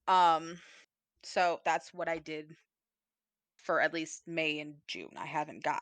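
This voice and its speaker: A woman's voice: deep voice, lively intonation, a little slow, long pauses, fairly bright tone, dry recording. A woman co-hosting a podcast in casual chat, playful and rambling, swearing freely. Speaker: podcast co-host. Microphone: desk mic, typing nearby.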